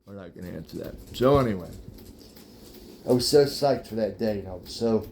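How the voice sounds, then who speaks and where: A man's voice: lowish voice, expressive, fairly quick, gravelly, background noise. Rambling man telling a story to camera. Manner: rambling, repeats words, talks straight to viewers. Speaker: vlogger telling a personal story. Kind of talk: casual storytelling monologue.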